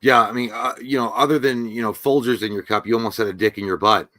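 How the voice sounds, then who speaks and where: Wry bright-voiced man in chat. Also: mid-range voice, steady tone, fast. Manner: wry, crude jokes, chimes in. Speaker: podcast co-host. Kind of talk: casual chat.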